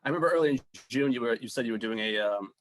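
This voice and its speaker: A man with a Boston accent who is a comedian, co-hosting a podcast in a joking, animated way. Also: medium pitch, very fast. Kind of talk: casual podcast chat.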